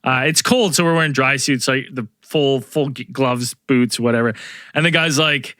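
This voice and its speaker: A man's voice: medium pitch, moderate pace, sharp tone, no echo, clean studio sound. A middle-aged man, a podcast host, telling a rambling story to co-hosts with many fillers and restarts. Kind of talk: casual storytelling among co-hosts.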